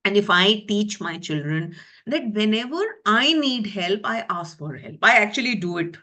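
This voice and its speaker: A woman's voice: mid-range voice, animated, normal speed, a bit bright. A middle-aged woman, earnestly explaining classroom practice in a webinar talk, using lists and rhetorical questions. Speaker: teacher trainer presenting a webinar.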